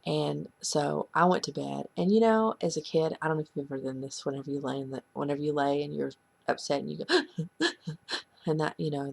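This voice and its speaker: A woman earnestly sharing a painful personal story in a halting, confessional way. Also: sits low, creaky, husky. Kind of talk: heartfelt personal testimony.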